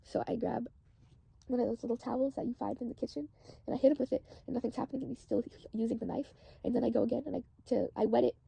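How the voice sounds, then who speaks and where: A woman's voice: on the high side, fairly even intonation, fast talker, creaky, warm tone, slightly rough, no echo. A woman casually recounting a dream, rambling and saying "like" constantly.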